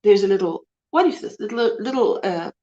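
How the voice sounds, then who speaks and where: A woman's voice: mid-range voice, lively intonation, a little fast, warm tone. A woman hosting a casual live-stream chat, greeting viewers and reading their comments aloud. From South Africa. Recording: dull lo-fi stream audio.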